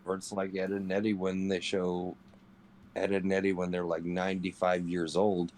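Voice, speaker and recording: Deep-voiced guy rambling and joking while gaming, bit of hiss behind. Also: monotone, normal speed, a little mellow. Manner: rambling, joking, swears freely. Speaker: game streamer. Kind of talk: casual chat while gaming.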